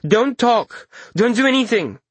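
A man's voice: very high voice, expressive, measured pace, husky, dry recording, pitched above the performer's own voice, exaggerated voice. A man voicing a curt, clinical woman healer giving firm instructions in an audiobook. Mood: stern.

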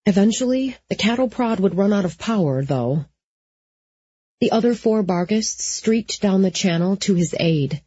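A woman narrating an audiobook in a steady, even storytelling manner. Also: mid-range voice, moderate pace, slightly rough, dry recording, lo-fi sound.

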